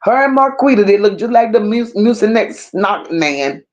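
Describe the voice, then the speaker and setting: A woman hosting a commentary stream, talking in a slow, emphatic and scornful way and stopping to read viewer comments aloud. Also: mid-range voice, expressive, a little mellow, highs cut off. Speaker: commentary channel host. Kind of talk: unscripted livestream rant.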